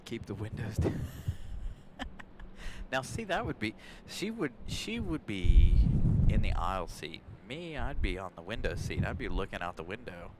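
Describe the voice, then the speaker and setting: On a windy day outside an airport, a man hosts a casual live stream on his phone, chatting and laughing with viewers. His voice sits on the low side, swings widely in pitch, and moves at a moderate pace. Loud wind and passing vehicles fill the background, and the wind noise is heavy on the recording.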